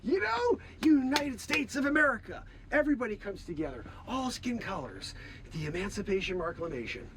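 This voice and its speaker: A man hosting an improvised comedy stream, sounding a bit hoarse, swinging from mock-outraged shouting to low muttering. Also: sing-song, fairly quick, a little hiss or hum. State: hoarse, losing his voice.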